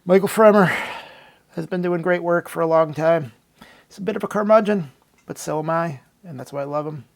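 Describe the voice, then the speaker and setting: High, gravelly man telling a mock-dramatic tale. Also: fairly quick. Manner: mock-dramatic, sarcastic storytelling. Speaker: comedic narrator. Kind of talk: comedic dramatic retelling.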